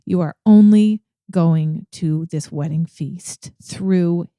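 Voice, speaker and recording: A woman's voice: lowish voice, takes it slowly, mellow, no room sound, studio quality. A woman co-hosting a conversational Bible discussion, emphatic and repeating phrases for stress. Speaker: podcast co-host.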